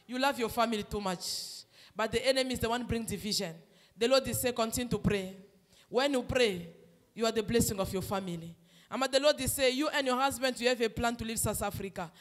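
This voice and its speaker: A woman, a prophetess delivering personal prophecy in an impassioned, emphatic way that swings between loud declarations and soft asides. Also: on the high side, brisk. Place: church hall. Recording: long reverb in a hall.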